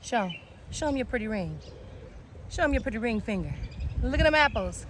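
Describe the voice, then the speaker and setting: A bubbly woman with a fairly high voice chats her way around her backyard garden. Her talk jumps from point to point with lively energy. Clear outdoor noise, birdsong and passing traffic sit behind her voice. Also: moderate pace, pauses often. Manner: excitable, chatty, easily distracted. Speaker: home gardener and channel host. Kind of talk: casual walk-and-talk garden tour.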